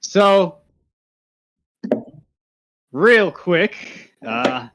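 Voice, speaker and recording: Brief: male player, animated pitch, mock-formal questioning. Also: slow pace. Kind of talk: playing a tabletop game.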